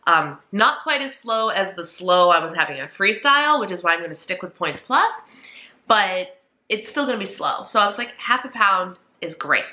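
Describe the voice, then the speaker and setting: A woman's voice: medium pitch, sharp tone. A woman in her thirties chatting earnestly and emotionally to her viewers in a casual vlog at home. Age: 30s. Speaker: vlogger. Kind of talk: casual chat.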